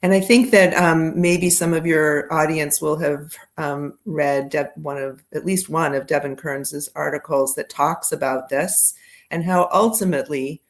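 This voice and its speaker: A woman's voice: low-pitched, steady tone, measured pace. A woman speaking as a podcast guest, thoughtful and a little hesitant. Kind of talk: conversational podcast discussion.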